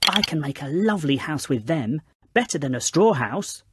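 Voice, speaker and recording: A woman's voice: low-pitched, animated, normal speed, very noisy. A woman voicing little male pigs in a storybook reading, squealing and shrieking. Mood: chatty.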